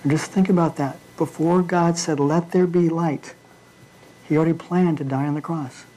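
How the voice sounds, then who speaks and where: A man preaching an informal midweek sermon in a church, talking in a halting way with frequent fillers and restarts. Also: on the high side, steady tone, warm tone, poor audio.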